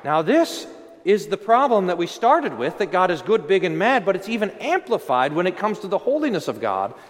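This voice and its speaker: High, lively preaching man in reverb. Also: moderate pace. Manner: animated preaching, rising to emphatic declarations. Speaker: pastor. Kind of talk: sermon. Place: church. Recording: long reverb of a church hall.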